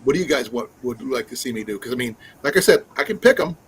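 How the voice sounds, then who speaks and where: A man's voice: mid-range voice, lively intonation, fast, slight background noise, rough recording. A man hosting a casual live stream, chatting in a rambling way with many fillers and restarts. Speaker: livestream host.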